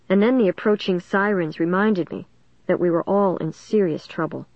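A woman narrating a first-person suspense story in a steady, dramatic storytelling manner. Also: lowish voice, moderate pace, no room sound, lo-fi sound. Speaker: audiobook narrator.

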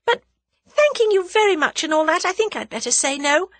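A woman reading an audiobook, voicing a spirited young woman who exclaims and scolds herself in a high, emotional voice. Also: big pitch swings, brisk, dry recording. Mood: flustered refusal.

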